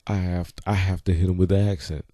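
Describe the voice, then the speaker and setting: Low, dark-voiced Jamaican man. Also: flat delivery, fast talker, no echo. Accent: Jamaican, mild in plain talk. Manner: blunt and frank, frequent "you know" asides. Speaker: vlogger. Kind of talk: casual monologue to camera.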